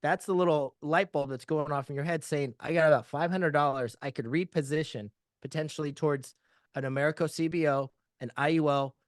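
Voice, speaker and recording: A man's voice: fairly high pitch, steady tone, a little fast, no echo, studio quality. A man teaching insurance sales, upbeat and joking as he walks through client questions. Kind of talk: sales training talk with role-play.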